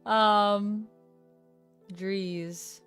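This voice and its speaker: A woman's voice: mid-range voice, drawn-out words, clean tone. A young woman hosting a live stream, chatting casually with her chat, her voice leaping up on surprised questions. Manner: animated, voice leaps up on surprised questions. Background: faint lo-fi music.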